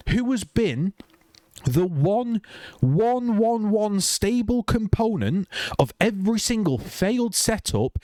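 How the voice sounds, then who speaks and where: A man's voice: on the high side, no echo, studio quality. A man ranting heatedly to camera as a football fan vlogger, swearing and repeating himself. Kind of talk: angry rant to camera.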